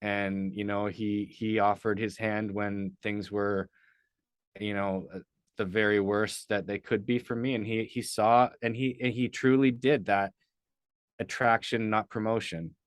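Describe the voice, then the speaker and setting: A man's voice: fairly low pitch, level tone, a little slow, clean tone, dry recording. A man talking as a podcast guest, telling a personal story in an earnest, rambling way with lots of fillers. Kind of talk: casual storytelling in a podcast interview.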